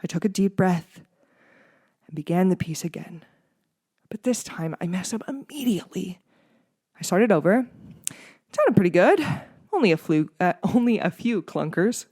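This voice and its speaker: Expressive reader narrating a spooky tale. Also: mid-range voice, moderate pace, pauses often, breathy edge, no room sound, studio quality. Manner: expressive, dramatic reading with small slips. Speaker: podcast host reading a book aloud. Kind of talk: audiobook-style narration.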